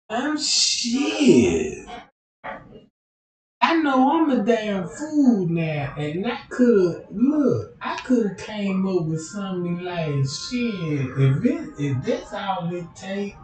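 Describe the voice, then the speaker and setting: A man's voice: sits high, sing-song, very slow, a little mellow, slight background noise. A man in a casual, profane, rambling rant as a streamer, keeps asking if you know what he's talking about. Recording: roomy, off-mic sound.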